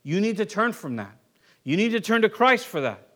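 Middle-aged male pastor, high voice, chatty sermon, frequent restarts. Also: very animated, normal speed, a bit bright. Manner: conversational, repeats words when restarting, asks "right?".

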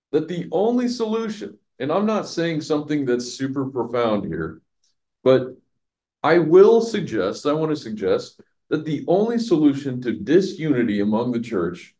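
A pastor with a warm, fairly high voice leads a Bible study, teaching a passage verse by verse. He's chatty, asks his listeners questions, and laughs at his own jokes.

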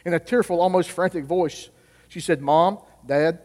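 In a reverberant church hall, a male youth pastor delivers a sermon at a moderate pace, his high voice steady and a little mellow. He keeps asking the congregation questions and answering them himself, with the hall's long reverb trailing his words.

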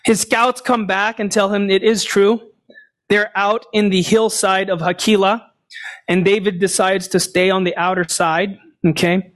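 A man with a high voice preaches at an unhurried pace. He retells a scripture story step by step, pausing to ask questions and answer them himself. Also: flat delivery, fairly bright tone. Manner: storytelling, explains passages, asks and answers his own questions. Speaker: pastor. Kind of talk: sermon.

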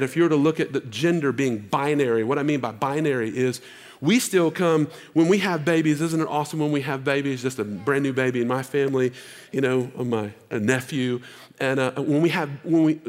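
A male pastor preaching a sermon, moving between casual asides to the congregation and loud exhortation. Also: medium pitch, fairly quick.

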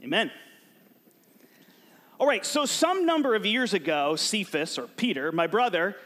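A man giving an energetic, joking sermon as a youth pastor, urging his audience to join in and shout out answers. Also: high voice, normal speed. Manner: animated and joking, prompts the crowd to shout answers.

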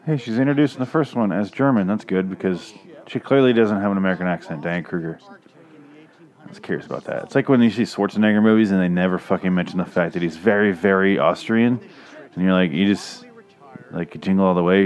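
A man's voice: deep voice, fast talker, a little mellow. A man giving rambling, crude, sarcastic commentary while watching a movie. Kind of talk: casual profane movie commentary. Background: movie audio playing.

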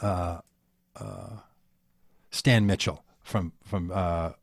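A man with a lowish voice talks as an interview guest. He rambles, circles back and restarts his sentences in a folksy pastor's way. The sound is close and dry. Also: fairly even intonation, drawn-out words, vocal fry, dry recording. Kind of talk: casual conversation.

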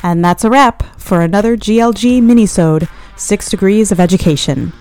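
A woman reading a scripted podcast outro in a sincere, even way. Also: medium pitch, moderate pace, no echo. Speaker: podcast host. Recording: faint music underneath.

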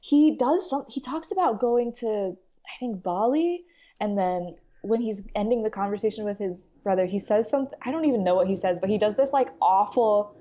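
A woman's voice: mid-range voice, normal speed, mellow. A woman co-hosts a laid-back movie podcast. She talks in a loose, chatty way, laughs often, and acts out her own reactions as she goes. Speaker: podcast co-host. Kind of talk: casual movie chat.

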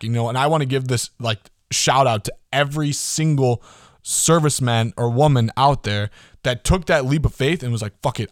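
An excitable young man in his early twenties talks alone into a close mic, his mid-range voice bouncing along as he rambles and swears casually. The sound is dry and close, with no room behind him. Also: mid-range voice, no echo. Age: early 20s. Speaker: podcast host. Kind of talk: casual solo podcast talk.

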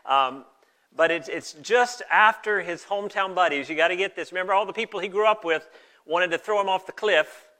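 A man's voice: high voice, fairly quick, sharp tone. A male pastor giving a conversational sermon and reading scripture aloud. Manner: conversational, folksy, with restarts.

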